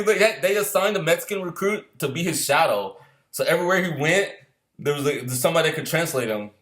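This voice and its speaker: A man with a slightly high voice tells a casual story about boot camp, laughing often and cursing throughout. He acts out the yelling of the drill instructors.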